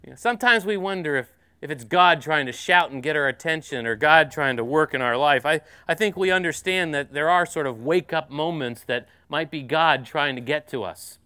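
Smooth-voiced male pastor preaching. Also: on the high side, lively intonation, sharp tone, no echo, clean studio sound. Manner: conversational storytelling with filler pauses. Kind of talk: sermon.

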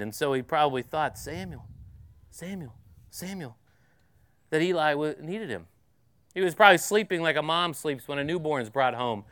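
A male pastor giving a conversational sermon, telling stories with easy filler pauses. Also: on the high side, fairly bright tone, smooth, no echo.

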